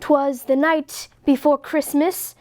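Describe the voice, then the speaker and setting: A woman's voice: high-pitched, little pitch movement, slow, mellow. A woman reading aloud, voicing a stern, fussy male bear who speaks in a pompous, formal way. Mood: reciting.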